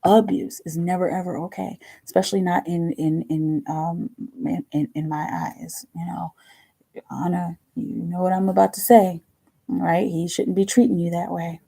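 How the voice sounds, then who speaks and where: A woman hosting a live tarot reading stream, talking casually in a slow, halting way, repeating words and murmuring to herself as she shuffles. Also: fairly low pitch, level tone, gravelly, warm tone, rough recording.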